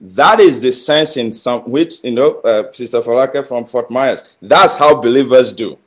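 A man's voice: mid-range voice, unhurried. Emphatic preacher, man. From Nigeria. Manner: emphatic, with rising and falling intensity and repeated phrases. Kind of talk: sermon.

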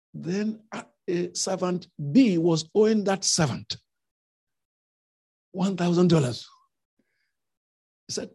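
A man preaching a sermon with emphatic rhetorical questions, swinging between loud and soft delivery. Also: fairly high pitch, slightly rough.

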